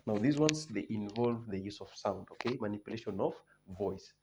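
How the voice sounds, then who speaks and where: A man's voice: fairly low pitch, moderate pace. A man teaching an exam revision lesson, listing points one by one, repeating key terms and often restarting his sentences. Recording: noisy background.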